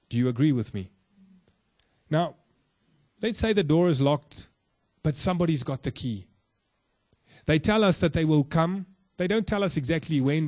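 A man preaches a sermon to a room of listeners, earnest and direct. He slows to stress key phrases and often drops to a soft, low close. The sound is dry and close, with little room echo. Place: room with a congregation.

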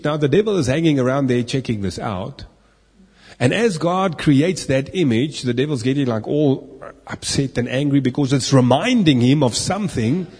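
Guy teaching bible stuff, kinda husky, asks the room questions, long echo in a big hall. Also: a little high, a little mellow. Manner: questions to listeners, playful asides. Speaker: preacher. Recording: echoey hall.

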